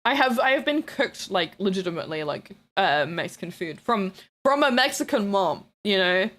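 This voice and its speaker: A woman streamer chatting casually with her live chat, blunt and playful, teasing viewers, swearing freely and breaking into excited shouts and laughter. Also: medium pitch, moderate pace.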